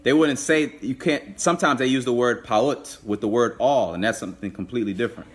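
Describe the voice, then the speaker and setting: A man teaching a live online language class, patiently repeating and drilling words slowly. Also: mid-range voice.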